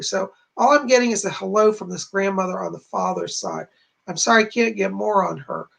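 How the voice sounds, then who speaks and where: Here a man's high, creaky, a-bit-bright voice comes through poor audio as he does livestream psychic readings to camera from home. He relays messages again and again with "she said," sounding chatty, earnest, and reassuring.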